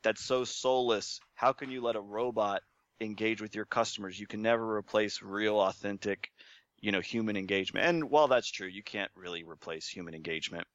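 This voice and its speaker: A man being interviewed, telling his story in a relaxed, self-deprecating way and chuckling often. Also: on the low side, brisk, dry recording, dull audio. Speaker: interview guest.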